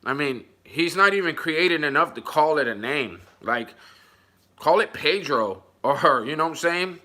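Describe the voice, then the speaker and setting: A man's voice: on the high side, expressive, normal speed, pushed and bright. A man livestreaming, reading viewer comments aloud in casual chat and mocking a troll with jokes and frequent laughter. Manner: mocking, jokey, laughs often.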